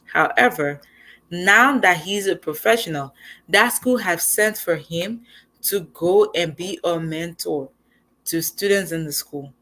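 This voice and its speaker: A young woman giving a casual motivational talk as host, animated and conversational. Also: on the low side, unhurried. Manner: animated, conversational, acts out quoted lines.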